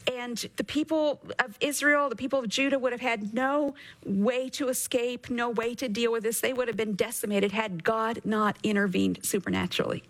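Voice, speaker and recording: A woman teaching from the Bible on a radio program, reading scripture slowly and earnestly, then explaining it. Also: on the high side, fairly even intonation, poor audio. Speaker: Bible teacher and show host.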